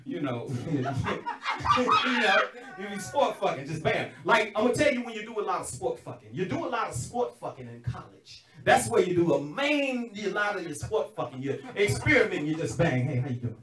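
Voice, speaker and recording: A middle-aged man doing a crude live stand-up set, muttering then shouting punchlines. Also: high-pitched, big pitch swings, normal speed. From not from California. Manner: loud, crude, swings between mutters and shouts. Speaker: stand-up comedian. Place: indoor comedy venue stage. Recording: echoey room from far off, loud crowd.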